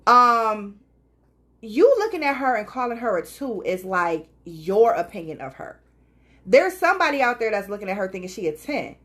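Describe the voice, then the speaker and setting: Animated woman with lively pitch. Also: moderate pace. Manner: animated storytelling, quotes others with voices, laughs often. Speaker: podcast co-host. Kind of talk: casual chat.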